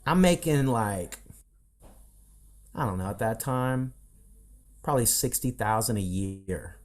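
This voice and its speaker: A man's voice: on the low side, takes it slowly. A man from the Midwestern United States, a voice coach and podcast guest, telling stories in a casual interview and acting out the voices in them, recorded over a video call. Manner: animated storyteller who acts out quoted dialogue.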